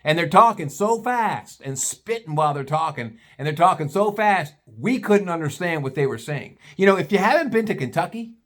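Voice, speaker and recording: A man spins a rowdy tale in a casual, conversational way, swearing freely. His voice sits a bit high and swings up and down with the telling. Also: normal speed, hardly any pauses. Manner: animated, profane, conversational. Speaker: storyteller. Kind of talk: casual storytelling.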